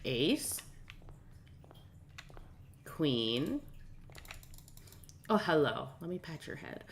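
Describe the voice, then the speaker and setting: A woman's voice: low-pitched, very animated, gravelly. A young woman streaming a game in casual, rambling chat and laughing often. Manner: chatty, rambling, quick to laugh.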